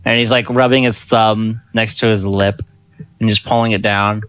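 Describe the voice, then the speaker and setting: A man's voice: lowish voice, fairly even intonation, moderate pace, a bit bright, smooth, dry recording. A man narrating as game master of a tabletop game, laid-back and full of fillers.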